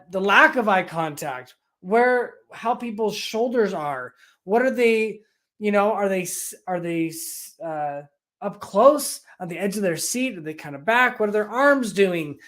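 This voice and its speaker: Energetic business coach explaining her work. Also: mid-range voice. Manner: energetic, enthusiastic, full of rhetorical questions. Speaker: business coach and EOS implementer. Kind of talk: explanatory talk to camera.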